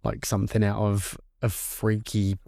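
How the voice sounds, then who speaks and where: A young male podcast co-host with a lowish, unhurried voice and some vocal fry tells a story in casual chat. He's animated, swears freely, and acts out the voices of the people in it, recorded dry with clean studio sound.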